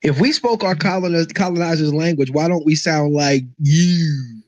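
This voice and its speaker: A man's voice: a little high, normal speed, darkish tone, a little hiss or hum. A man arguing in a heated live audio-room debate, mocking the others. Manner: argumentative, mocking. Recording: dull dry lo-fi audio.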